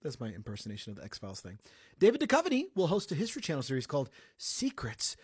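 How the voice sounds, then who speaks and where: A man's voice: medium pitch, wildly swooping pitch, quick pace, slightly rough, no echo, studio quality. A young man from the United States hosting a casual celebrity news podcast, chatty and joking, correcting himself as he goes. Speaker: podcast host.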